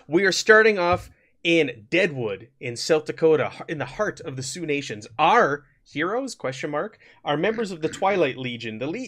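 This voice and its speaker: An upbeat man runs a tabletop role-playing game as its game master. His voice sits a little higher than most men's, and he moves easily between welcoming players and explaining the setting and rules. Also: fairly bright tone. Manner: upbeat, quick to laugh, explains rules on the fly. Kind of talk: hosting a tabletop game session.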